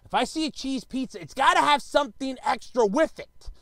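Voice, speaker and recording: A man ranting comically to camera, animated and exclamatory, repeating himself for emphasis. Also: very high-pitched, brisk, gravelly, no room sound. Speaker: vlogger. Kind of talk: comedic rant.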